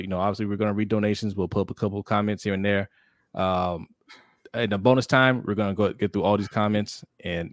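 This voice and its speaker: A man co-hosting a sports talk show, telling stories with lively, acted-out reactions. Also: on the low side, dry recording, clean studio sound. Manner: animated storyteller, acts out his own reactions. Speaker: podcast co-host.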